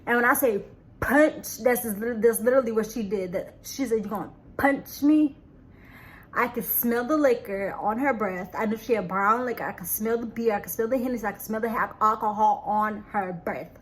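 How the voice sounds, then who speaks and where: A woman telling a personal story to camera, halting and earnest, repeating words and restarting sentences, often trailing off quietly. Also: on the high side. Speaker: vlogger.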